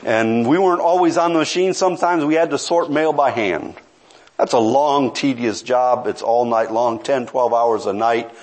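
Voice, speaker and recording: A man's voice: mid-range voice, moderate pace, darkish tone. A middle-aged man preaching a sermon, telling a story with earnest, pleading intensity.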